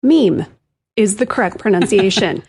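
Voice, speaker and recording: A woman's voice: a little high, animated, normal speed, a little mellow. A woman co-hosting a tech show, chatting animatedly and giggling often. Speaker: co-host. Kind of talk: casual chat.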